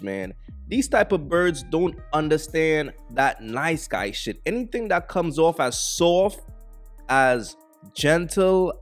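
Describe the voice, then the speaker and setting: A man hosting a reaction video, giving blunt, mocking, opinionated commentary on clips. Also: fairly high pitch.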